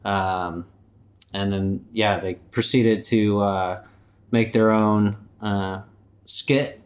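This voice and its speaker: A man's voice: lowish voice, fairly even intonation, very slow. A man playing a boastful, swaggering personification of human error in a comedic interview. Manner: swaggering, boastful, laid-back. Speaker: company anti-mascot guest.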